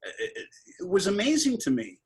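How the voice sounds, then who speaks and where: A man's voice: sits high, huge pitch swings, fairly quick, a little mellow. A man in his seventies from Brooklyn, interviewing a guest over a video call in an effusive, emotional way. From Brooklyn, New York. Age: 70s.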